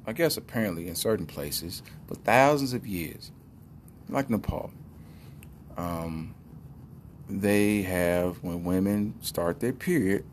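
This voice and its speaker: A man's voice: lowish voice, a little mellow, slight background noise. A man hosting a show, riffing on news stories in a loose, joking, slangy way and spinning silly tall tales. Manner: loose, joking, rambling storyteller with slangy speech. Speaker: podcast host reacting to news. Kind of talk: comedic news commentary.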